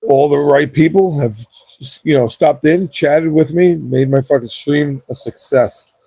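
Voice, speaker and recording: A man's voice: fairly high pitch, measured pace, creaky, mellow, breathy edge, dry recording. A young man chatting casually at the end of his gaming livestream, laid-back, rambling and cursing often, on a cheap wireless mic.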